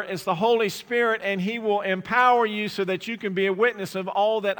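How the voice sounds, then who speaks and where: A man's voice: sits high, steady tone, fairly quick, few pauses, bright, forceful tone, big-room sound. A man preaching a sermon to his congregation, putting rhetorical questions to the listeners. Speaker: pastor. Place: church sanctuary.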